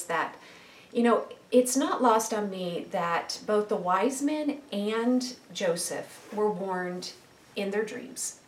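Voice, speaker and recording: A woman's voice: lowish voice, recorded from a distance, slight background noise. A woman speaking earnestly and reflectively about faith, with many fillers and restarts. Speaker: Christian speaker sharing reflections. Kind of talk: casual faith talk. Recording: echoey room, voice a bit off-mic.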